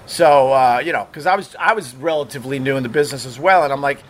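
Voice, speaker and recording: A man's voice: mid-range voice, quick pace, few pauses. A middle-aged man, a former radio DJ, telling casual stories in a rambling, profane way, full of fillers and restarts. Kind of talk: casual storytelling monologue.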